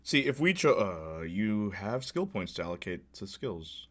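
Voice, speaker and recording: A man's voice: lowish voice, very animated, moderate pace, fairly bright tone, slight background noise. A man streaming a video game, chatting casually and joking over the cutscenes, with plenty of filler sounds. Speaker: gaming streamer. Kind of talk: casual let's-play commentary.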